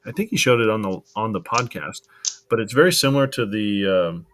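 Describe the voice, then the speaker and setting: A man with a fairly low voice co-hosts a casual live stream. He talks loosely and rambles, restarting his sentences and filling gaps with ums and uhs. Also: expressive, a little fast, fairly bright tone, a little hiss or hum. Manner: rambling, with many fillers and restarts. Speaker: co-host of a live gear show.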